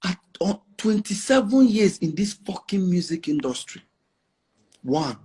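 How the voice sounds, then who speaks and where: A man's voice: high-pitched, sing-song, unhurried, warm tone, husky. A middle-aged Nigerian man with a Nigerian accent, talking casually as an interview guest, boastful and emphatic, mixing in pidgin. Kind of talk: casual chat.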